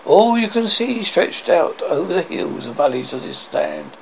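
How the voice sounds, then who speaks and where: A man's voice: high-pitched, huge pitch swings, unhurried, gravelly, full character voice. Man doing a blustering swamp king father. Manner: bossy, exasperated lecturing. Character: gruff blustering middle-aged male swamp king. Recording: dull lo-fi with faint hiss.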